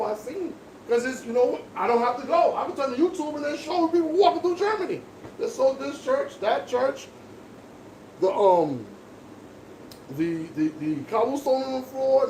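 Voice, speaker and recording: Far from the mic, a man with a very high yet darkish voice delivers an emphatic, lecturing monologue while casually chatting at his barber work. The room is echoey and there's background noise.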